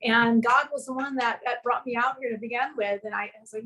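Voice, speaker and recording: A woman's voice: a little high, steady tone, quick pace, few pauses, pushed and bright, rough recording. A woman from the American South telling a long personal story in a casual interview over a video call from her home music studio. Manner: earnest, rambling anecdote with quoted dialogue. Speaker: guest actress and filmmaker.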